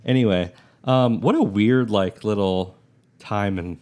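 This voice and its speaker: A man in his thirties co-hosts a relaxed podcast conversation. His voice sits on the low side. He rambles with plenty of fillers and pushes back with easy skepticism. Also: measured pace. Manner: chatty, skeptical, uses many fillers. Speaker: podcast co-host. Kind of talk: casual chat.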